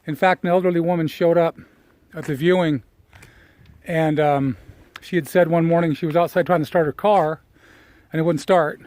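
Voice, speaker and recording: Middle-aged man, fairly high-voiced, dry close sound, reflective storyteller who halts and restarts while walking outdoors. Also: fairly even intonation, darkish tone, no room sound. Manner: emotional, reflective, halting with fillers. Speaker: personal development speaker. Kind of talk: personal storytelling.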